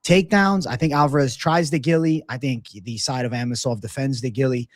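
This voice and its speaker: A man co-hosts a fight betting show, talking through each matchup in a loose, profane way. He reads out odds plainly between his picks. His voice sits at an ordinary middle pitch and the sound is dry and close. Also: brisk, no room sound. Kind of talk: casual podcast chat, fight predictions.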